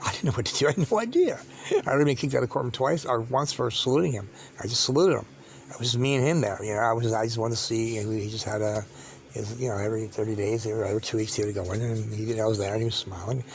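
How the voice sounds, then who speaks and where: A man telling a long personal story as a vlogger, halting and repetitive, with many restarts and fillers. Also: on the low side.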